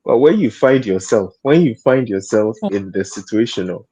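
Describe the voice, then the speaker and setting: A man's voice: fairly low pitch, animated, moderate pace, warm tone, breathy edge, lo-fi sound. Hesitant man on a panel. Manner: hesitant, repeats words, laughs often while talking. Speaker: panel guest. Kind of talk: studio panel discussion.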